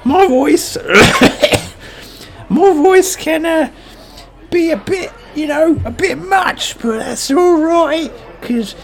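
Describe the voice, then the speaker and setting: A man's voice: very high-pitched, extremely slow, creaky, pitched above the performer's own voice, heavily acted. A man voicing Mary, a brash, overbearing woman, in an improvised radio play.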